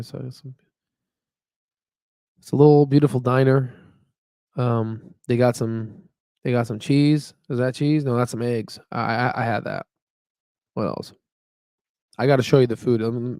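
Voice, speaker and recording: A man's voice: mid-range voice, warm tone, no echo, studio quality. Rambling chatty man on a live stream. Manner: rambling, filler-heavy, with frequent "you know what I mean"; upbeat and chatty. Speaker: stock market channel host. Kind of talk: casual live-stream chat.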